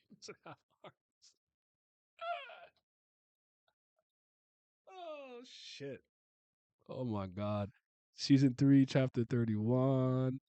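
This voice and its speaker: A man's voice: fairly high pitch, dry recording. Exasperated man ranting in a dry close mic. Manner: exasperated ranting, frequent exclaiming and stammered restarts. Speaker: webcomic reaction host. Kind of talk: casual reaction commentary.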